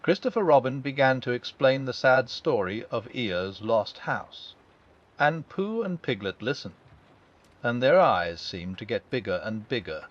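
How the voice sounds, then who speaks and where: Soft-spoken man reading a bedtime story. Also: mid-range voice, very animated, measured pace. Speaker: audiobook narrator. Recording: dull lo-fi sound.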